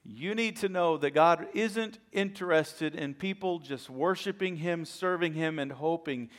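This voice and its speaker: A man preaching a sermon as a pastor, telling a story with animated, acted-out voices and repeated words when excited. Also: a little high, measured pace.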